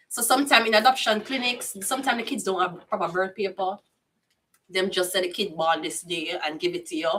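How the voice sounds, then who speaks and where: Jamaican woman, casual tarot reading, blunt patois chatter, sharp voice, distant from mic. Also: mid-range voice, fairly quick. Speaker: tarot reader.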